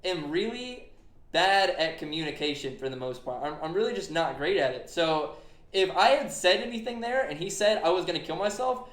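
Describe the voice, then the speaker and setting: Young male podcast host, earnest and rambling, a bit high-pitched, echoey room. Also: animated, moderate pace, fairly bright tone. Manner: earnest, retelling a conversation with many fillers. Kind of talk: casual podcast chat.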